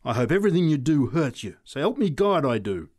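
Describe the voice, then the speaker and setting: A woman's voice: deep voice, big pitch swings, measured pace, darkish tone, dry recording, studio quality, pitched above the performer's own voice. A man reading aloud, voicing a fervent female street preacher who cries out prophecies. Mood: savage.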